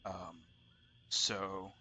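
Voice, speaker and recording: Bright-voiced man running a tabletop game. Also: sits low, extremely slow, husky. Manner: relaxed, thinks aloud while narrating. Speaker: game master.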